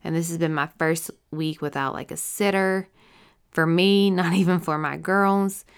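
A young woman gives a halting personal testimony, her lowish voice smooth and resonant even as she breaks off and restarts. She sounds teary and worn out, yawning between thoughts. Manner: emotional, halting, with many fillers and restarts. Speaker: stroke survivor sharing her story.

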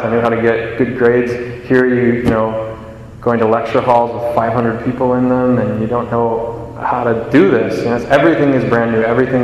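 A man's voice: mid-range voice, highs cut off, a little hiss or hum. A young man giving a homily in a chatty, self-deprecating storytelling manner. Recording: echoey church with long reverb.

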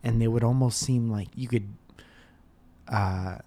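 A man's voice: mid-range voice, measured pace, dark tone. A young man with a mid-range voice, talking in a laid-back, joking way. He leads the chat with casual questions and rambling asides.

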